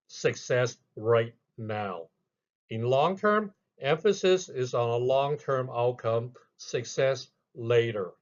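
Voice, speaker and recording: A man narrating a scripted lesson in a measured way, reading out each heading with emphasis. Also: mid-range voice, lo-fi sound. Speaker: instructor.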